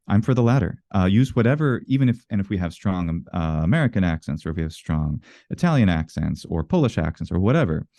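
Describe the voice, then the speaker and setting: A man's voice: sits low, warm tone, dry recording. A man being interviewed in a casual conversation, explaining his views at length with earnest self-corrections. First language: English. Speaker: interview guest.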